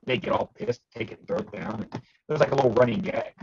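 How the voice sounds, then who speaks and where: A man co-hosting a podcast, casually telling anecdotes in an animated way. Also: fast, creaky, lo-fi sound, noisy background. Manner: animated storyteller, jumps high for quoted shouts. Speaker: podcast co-host. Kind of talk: casual storytelling chat.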